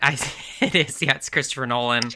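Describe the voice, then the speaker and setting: A woman co-hosting a podcast in casual chat, quick and animated, laughing often. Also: rumbling low. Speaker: podcast co-host.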